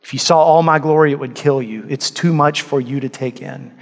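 A male pastor preaching in a large church hall, his slightly high voice carrying a long reverb tail. He speaks earnestly and pushes to emphatic peaks on key points. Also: steady tone, fairly quick, vocal fry. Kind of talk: sermon.

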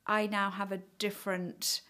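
A woman's voice: mid-range voice, level tone, normal speed, pushed and bright. Hesitant, reflective woman. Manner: hesitant, reflective, many fillers and "sort of". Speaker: interviewee. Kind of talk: personal account in conversation.

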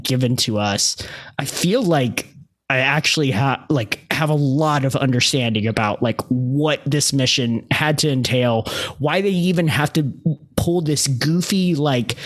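Male podcast guest, mid-pitched, easygoing and chatty, filler-heavy speech. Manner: relaxed, laughing, heavy use of "like". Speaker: film podcast panelist. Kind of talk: casual film discussion.

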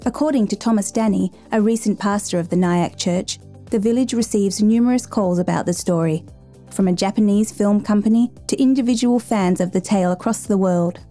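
A woman reading a story aloud in a measured, gentle storytelling manner. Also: mid-range voice, faint music behind. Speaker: narrator. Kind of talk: scripted story narration.

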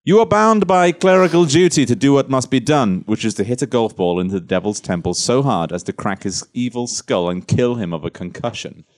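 A man narrating a comedy game as game master, in a mock-dramatic, deadpan way. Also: mid-range voice, fairly quick, few pauses.

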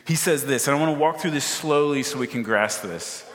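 A man's voice: mid-range voice, a little fast. Man preaching a sermon in a reverberant hall. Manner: energetic, call-and-response asides to the congregation. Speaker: pastor.

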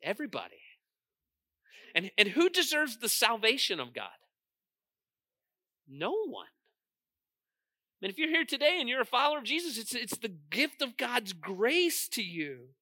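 A man preaching a sermon in a high, very bright, ringing voice. He swings from loud, stressed lines to quiet asides and keeps asking his congregation questions. The sound is dry and close. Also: sing-song, a little slow, pauses often, dry recording. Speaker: pastor.

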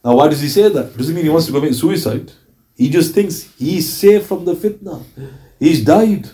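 This religious lecture comes from an Islamic teacher whose mellow voice is on the high side and expressive, at normal speed. Covering Islamic history, he reads narrations, asks rhetorical questions, and often performs the quoted speakers' words with dramatic emphasis.

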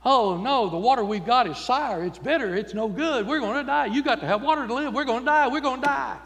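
A man's voice: high voice, fast, gravelly. A man voicing frantic, whining Israelites who are sure they will all die. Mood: panicky whining. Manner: whiny, wailing, frantic. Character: panicking complaining crowd of Israelites. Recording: long church reverb.

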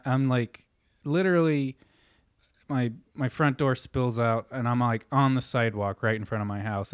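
A man's voice: medium pitch, clear, resonant tone, dry recording, clean studio sound. A young adult man telling a rambling, profane story in casual chat. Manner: rambling, profane, animated retelling.

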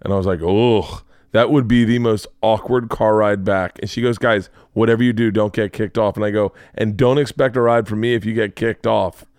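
Low-voiced man telling a rambling story. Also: moderate pace, few pauses, no echo, clean studio sound. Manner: animated, rambling, acts out quotes. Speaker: podcast host. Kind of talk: casual storytelling chat.

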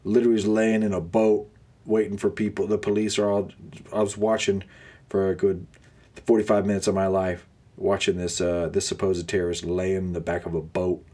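A man's voice: low-pitched, flat delivery, brisk, dark tone. A young man hosting a podcast, ranting sarcastically with frequent groans of disgust. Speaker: podcast host. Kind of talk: casual ranting monologue.

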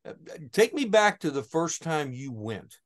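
A man, a pastor hosting a podcast, asking questions in a relaxed, friendly interview chat. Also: on the high side, measured pace.

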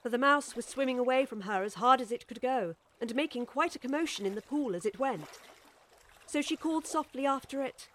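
A woman reads a children's storybook aloud with gentle expression. Her voice sits slightly higher than most and stays clear and steady throughout the narration. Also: brisk, slight background noise.

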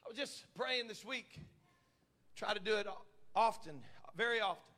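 A male pastor, preaching a fervent sermon to his church and swinging between loud shouted calls and quiet, close prayer. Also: sits high, moderate pace. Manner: preaching with rising shouted fervor. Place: church sanctuary.

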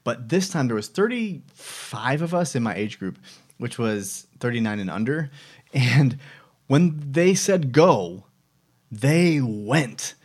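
A man's voice: mid-range voice, animated, slow pace, darkish tone, slightly rough. A man in his thirties hosting a casual personal vlog, talking reflectively with many fillers and restarts. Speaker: vlog host.

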